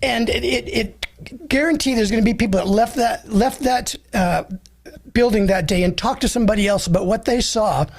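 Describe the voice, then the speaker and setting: A man's voice: high-pitched, normal speed, vocal fry. An older man hosting an interview podcast, chatting casually and enthusiastically acting out the exchanges he tells about. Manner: enthusiastic, acts out quoted exchanges. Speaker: host.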